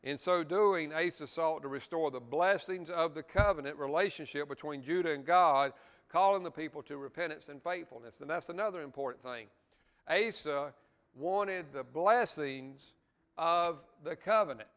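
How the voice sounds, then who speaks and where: A man's voice: fairly high pitch, normal speed, fairly bright tone, in a large hall. A man teaching a Bible study lesson in a church, earnest, stressing key words and adding asides to the class.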